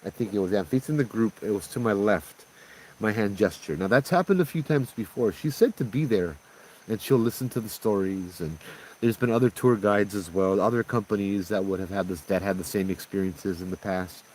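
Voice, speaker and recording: Low-voiced man telling a ghost story. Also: a little fast, slight background noise, rough recording. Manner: relaxed, conversational, often asks "right?" and "you know?". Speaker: ghost tour guide and storyteller. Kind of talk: casual spoken ghost story.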